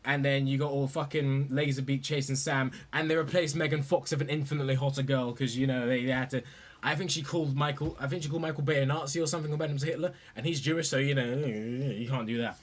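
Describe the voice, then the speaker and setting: A young man gushing about movies in a profane, rambling, excited rant. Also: medium pitch, quick pace. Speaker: vlogger.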